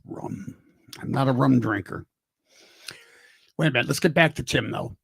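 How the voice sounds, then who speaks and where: A man's voice: mid-range voice, normal speed, gravelly, fairly bright tone, slightly rough, dry recording. An older man hosting a casual livestream, rambling, joking and greeting viewers by name. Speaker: livestream host.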